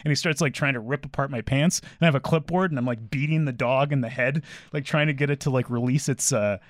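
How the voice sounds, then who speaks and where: A man in casual chat, telling a long, rambling anecdote full of "like" and quick asides. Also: medium pitch, no echo, clean studio sound. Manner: rambling anecdote with lots of "like" and laughs.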